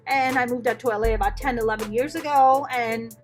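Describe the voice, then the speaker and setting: A middle-aged woman, a stand-up comedian, telling her life story as a podcast guest in a candid, profane, animated way. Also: fairly high pitch, a little fast, soft background music. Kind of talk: casual interview storytelling.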